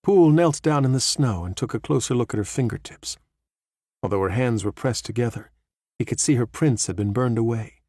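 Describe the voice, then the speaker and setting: This is scripted narration of a thriller audiobook by a man with a mid-range voice. He keeps his delivery measured and even, recorded cleanly in a studio without echo.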